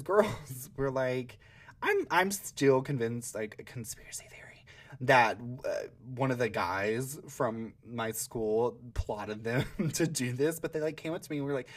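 A young man from Georgia hosting a podcast, telling stories in a chatty, sassy way and laughing often. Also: medium pitch. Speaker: podcast host. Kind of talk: casual solo storytelling.

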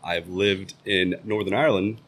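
An American man who is a podcast guest, telling stories at a measured, thoughtful pace. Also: sits low, steady tone, a bit bright. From United States. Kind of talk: casual podcast chat.

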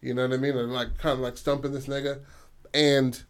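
Young man, mid-pitched voice, animated, crude slang, checks in often, casual brainstorm. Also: brisk, clear, resonant tone. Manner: animated, crude, keeps asking for agreement. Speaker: co-host brainstorming a story. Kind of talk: casual chat.

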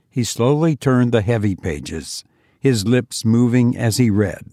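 A man narrating a first-person story in a measured, even way. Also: medium pitch, no room sound, studio quality. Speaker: audiobook narrator.

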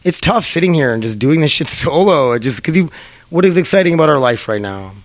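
A man's voice: a little high, expressive, brisk, dry recording. A young man hosting a podcast in a rambling casual chat, swearing and laughing as he talks. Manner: rambling, profane, laughs often. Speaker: podcast host.

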